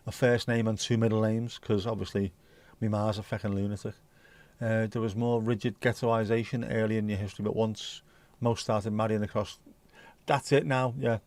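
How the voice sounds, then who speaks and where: A man from Ireland hosts a livestream, casually mocking viewer comments as he reads them out, blunt and heavy on the swearing. His voice is lowish and darkish, with no echo on the recording.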